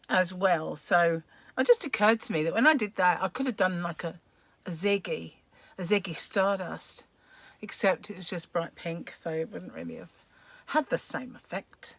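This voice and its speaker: A middle-aged woman, slightly hoarse and croaky, chatting casually on a live stream, rambling and greeting viewers by name. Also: medium pitch, no room sound.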